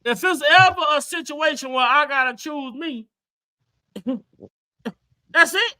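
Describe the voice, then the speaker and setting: A woman's voice: high voice, unhurried, bright, forceful tone. A woman in a casual livestream opinion chat, speaking fervently and repeating words as she testifies.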